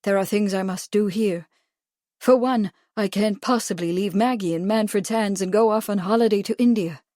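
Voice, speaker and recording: A woman's voice: mid-range voice, normal speed, darkish tone, no echo, studio quality, close to an everyday voice. A woman voicing a tired, stiff middle-aged society mother. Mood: weary.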